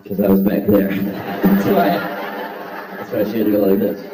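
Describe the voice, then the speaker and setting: A man's voice: fairly low pitch, level tone, moderate pace. A middle-aged man telling wry, self-mocking stand-up stories to a live audience. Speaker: stand-up comedian. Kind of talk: stand-up comedy. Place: large hall or theater. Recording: roomy live hall from a distance with crowd laughter.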